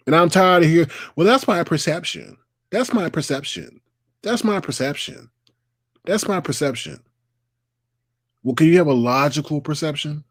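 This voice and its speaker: This man's voice is a little high. Hosting a casual live online show through a computer mic, he rants and does mocking impressions of others, with studio-quality audio and no room sound.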